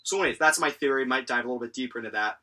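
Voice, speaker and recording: A man's voice: medium pitch, rapid-fire, pushed and bright. A young man casually recapping and reviewing an anime episode, rambling with lots of fillers and chuckles.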